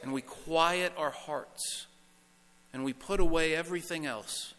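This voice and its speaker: A man preaching a sermon as pastor, emphatic, repeating phrases and dropping to a hush on key words. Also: a little high, unhurried, long reverb tail. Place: church sanctuary.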